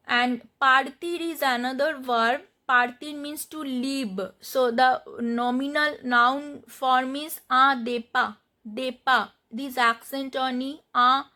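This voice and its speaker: Casting: female language tutor, high pitch, slow, patient delivery that spells words letter by letter. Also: sharp tone. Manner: spells out letters and repeats words while explaining. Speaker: French teacher. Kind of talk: slow explanatory lesson.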